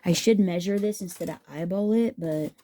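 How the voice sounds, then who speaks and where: A woman's voice: on the low side, moderate pace, mellow. A woman hosting a craft tutorial, chatting and rambling to her viewers as she works, teasing herself along the way. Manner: rambling, talks to viewers as "guys", self-teasing. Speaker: craft video host.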